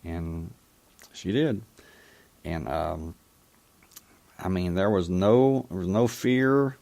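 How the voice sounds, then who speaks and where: A man hosting a call-in talk show, telling a personal story in a reflective, halting way. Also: deep voice, vocal fry, dark tone. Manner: reflective, halting, with frequent restarts. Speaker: radio call-in show host.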